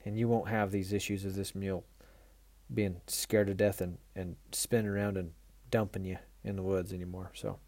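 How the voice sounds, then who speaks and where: Folksy, mellow-voiced man telling a story. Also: low voice, normal speed, no echo. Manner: folksy, animated, self-mocking, laughs often. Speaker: mule trainer hosting a tips show. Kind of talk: casual storytelling lesson.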